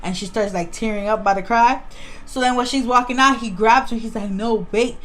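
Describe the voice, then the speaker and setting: A woman's voice: fairly high pitch, brisk. A young woman co-hosting a casual TV recap, retelling scenes animatedly and acting out the characters' lines. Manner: animated storyteller, acts out scenes in voices. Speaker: co-host of a show review channel. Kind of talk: casual episode recap chat.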